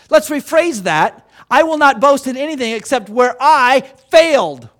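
A man's voice: very high voice, fairly bright tone. A man preaching a sermon as pastor, emphatic, asking rhetorical questions and repeating key phrases.

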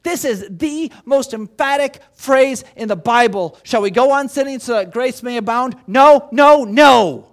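Man, very high voice, pastor's sermon, emphatic, rhetorical questions. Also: normal speed, hardly any pauses.

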